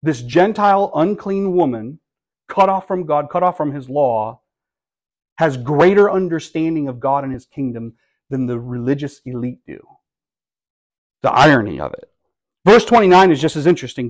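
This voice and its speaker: A middle-aged man preaching a sermon as pastor, conversational and wry, with bursts of animated emphasis. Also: on the high side.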